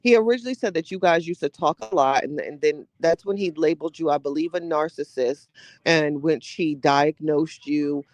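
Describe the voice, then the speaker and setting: A man's voice: on the high side, moderate pace, dry recording. A man hosting a casual live podcast, reading viewer comments aloud and reacting to them with gossipy, slangy asides and frequent laughter. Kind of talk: casual live-stream chat.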